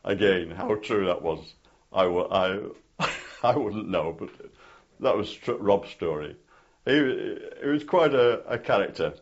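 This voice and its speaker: A man's voice: fairly low pitch, lively intonation, measured pace. An older man telling rambling anecdotes with many fillers in an oral history interview. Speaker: interviewee, former parachute instructor. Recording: dull lo-fi tape recording.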